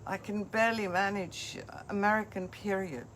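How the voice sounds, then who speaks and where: A woman's voice: mid-range voice, steady tone, moderate pace, fairly bright tone, a little hiss or hum. A woman hosting a live craft demonstration, chatting as she walks viewers through each step. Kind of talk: live craft product demo.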